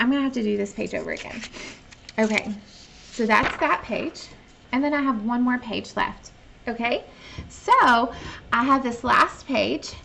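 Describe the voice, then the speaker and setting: Woman, online teacher for young kids, slightly creaky, patient think-aloud delivery. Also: on the high side, fairly bright tone. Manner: patient, modeling her own thinking aloud; reads sample sentences slowly and clearly. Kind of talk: online lesson for young children.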